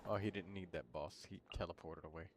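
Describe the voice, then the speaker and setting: A man hosting a game livestream in relaxed, rambling casual chat, with many fillers. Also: low voice, fast talker, a little hiss or hum. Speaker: livestream host. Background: game music.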